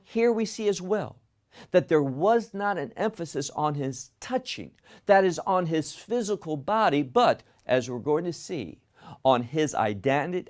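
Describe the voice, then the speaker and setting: A man's voice: on the high side, a little mellow. A man teaching a verse-by-verse Bible study, asking rhetorical questions and repeating key phrases.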